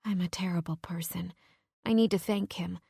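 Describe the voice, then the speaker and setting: Lower-voiced woman narrating an audiobook. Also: fairly even intonation, normal speed, creaky, dark tone, breathy edge, no room sound, clean studio sound. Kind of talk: first-person audiobook narration.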